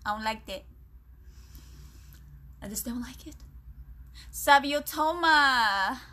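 Bright-voiced flirty woman on a livestream. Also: on the high side, fairly even intonation, a little slow, breathy edge. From Philippines. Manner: flirty and teasing, often dropping to a hushed voice. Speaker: livestream host. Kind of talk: casual live-stream chat, reading comments aloud.

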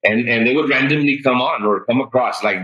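A man on a podcast, telling his weight loss story in an animated, chatty way and peppering it with "like" and "dude". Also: medium pitch, brisk, dull audio. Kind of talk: casual interview storytelling.

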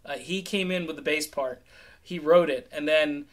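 A middle-aged man from New England hosting a casual music commentary, chatty and animated, sometimes slipping into quoted voices. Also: on the high side, moderate pace.

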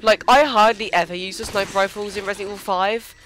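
A man giving casual gameplay commentary, excitable, squealing and swearing when startled. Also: high voice, quick pace, slight background noise. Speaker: let's play gamer.

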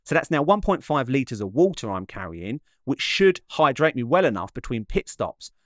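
A man narrating his run afterwards in a measured, slightly dramatic voice-over. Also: mid-range voice, sing-song, a bit bright, no room sound, studio quality.

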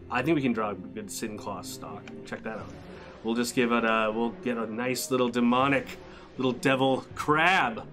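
A man hosting a live drawing stream, chatting casually while he sketches, upbeat and rambling, repeating phrases and greeting viewers. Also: medium pitch.

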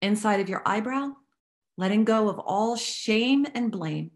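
A woman leading a guided tapping exercise, giving calm step-by-step instructions and affirmations to repeat. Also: medium pitch, a little slow. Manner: calm instructive guiding, repeat-after-me phrasing; affirming, uplifting delivery. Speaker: recovery workshop facilitator.

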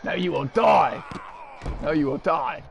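A man putting on the voice of a gruff, cookie-crazed monster for his wrestling game character. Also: on the high side, a little slow, dull audio, a little hiss or hum. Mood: menacing.

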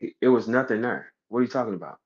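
A man's voice: animated, racing. A man, running a battle rap league, rants boastfully and heatedly on a livestream, profane and brash. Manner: boastful, brash, profane and heated, voice jumping high when he acts out scenes. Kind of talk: unscripted livestream rant. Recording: slightly dull lo-fi audio.

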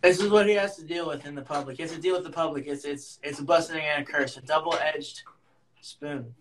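A man co-hosting a casual podcast chat, teasing and telling stories with halting restarts. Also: on the high side, fairly bright tone, a little hiss or hum. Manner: teasing, acts out anecdotes with hesitant restarts. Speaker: podcast co-host.

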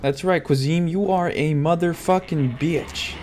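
Man, gameplay commentary, foul-mouthed trash talk, sudden loud yells, somewhat high voice, noisy background hiss. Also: unhurried. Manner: profane trash talk at game enemies, sudden loud outbursts. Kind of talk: let's-play commentary. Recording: steady background noise.

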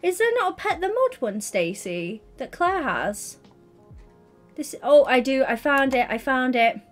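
A woman's voice: high voice, very animated, faint music behind. Giddy, bubbly woman streaming. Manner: giddy, bubbly and chatty, quick asides to chat. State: tired, yawning. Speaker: livestreamer. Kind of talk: casual livestream chat. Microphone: headset.

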